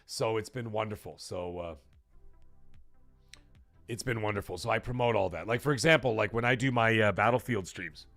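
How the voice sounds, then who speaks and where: A man hosting a live gaming talk show, chatting casually and thanking viewers from chat in a rambling, animated way. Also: on the low side, moderate pace, long pauses, soft background music. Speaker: livestream talk show host.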